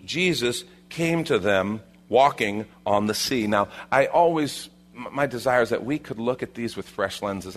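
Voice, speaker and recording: A middle-aged man preaching a sermon in an animated way, acting out voices and asking the room questions. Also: mid-range voice. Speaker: pastor.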